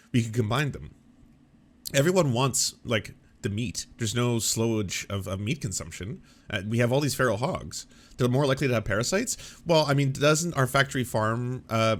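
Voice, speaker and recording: A man from Canada riffs through casual reaction commentary. He rambles and restarts often, sarcastic and offhand, in a mid-pitched voice. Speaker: political commentary host.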